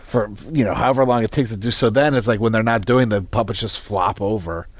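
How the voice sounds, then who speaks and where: A man co-hosting a podcast, talking in a relaxed, conversational way with some restarts. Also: on the low side, fairly quick. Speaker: podcast co-host. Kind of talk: casual chat.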